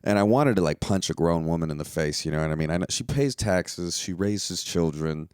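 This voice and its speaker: A young American man hosts a solo podcast, ranting casually in a rambling, profane and exasperated way. His voice is deep and smooth with a darkish tone, and he talks briskly. The recording is studio quality with no room sound.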